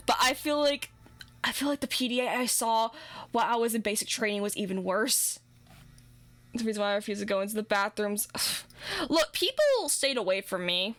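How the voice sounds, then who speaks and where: Rigging a model on stream, a young woman with a slightly bright, high-side voice chats casually. Her talk rambles, with frequent swearing and many restarts.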